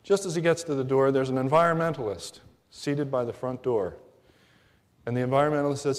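A man telling a long joke in a meandering way, with restarts and pauses, heard with a long hall reverb. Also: mid-range voice.

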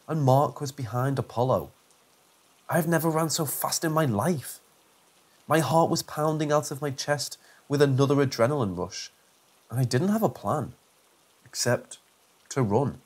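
A man narrates a first-person horror story at a steady, measured pace. His voice sits at an ordinary pitch for a man, and his delivery stays even. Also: slightly rough.

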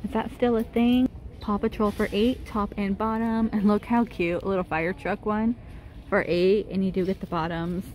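Woman vlogger, mellow voice, chatty shop walkthrough on phone, faint store hum. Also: medium pitch, steady tone, moderate pace. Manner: chatty, gushing over cute finds, reading prices aloud. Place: inside a large retail store.

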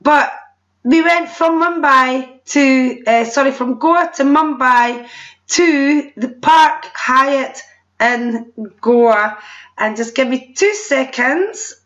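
Woman, Scottish accent, high voice, middle-aged, chatty presenter, lo-fi muffled sound. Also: slow pace, a bit bright. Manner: chatty, laughing, apologetic asides. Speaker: presenter at a sales meeting. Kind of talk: presentation showing holiday photos. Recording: dull lo-fi recording.

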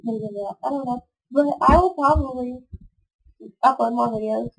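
A woman's voice: normal speed, vocal fry. A young woman who is sick and sniffling, rambling chattily over a game recorded on her computer mic. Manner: chatty, self-deprecating, meandering. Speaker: gaming vlogger. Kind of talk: rambling casual chat over gameplay. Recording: low-quality home computer audio.

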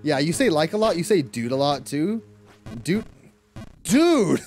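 Lively Irish man streaming, faint music. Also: a little high, moderate pace. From Ireland. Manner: animated, laughing often, cursing at the game. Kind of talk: casual gaming livestream chat.

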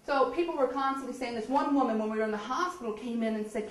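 A woman giving a lively storytelling speech, often laughing and acting out the voices of people in her story. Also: a little high, fast talker. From eastern Canada. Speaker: speaker telling her story. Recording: echoey hall, distant mic.

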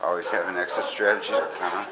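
Calm man giving soft dog commands. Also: deep voice, fast talker, heavy background noise. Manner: calm repeated praise and commands between explanations. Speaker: dog trainer. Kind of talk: demonstrating dog training. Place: indoors and along an outdoor path. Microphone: camera held by a helper.

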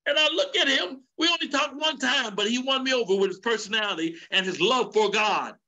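High, bright-voiced fervent preaching man. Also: fairly quick. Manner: fervent, preaching cadence with rising shouts. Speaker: elder teaching a men's session. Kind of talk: sermon.

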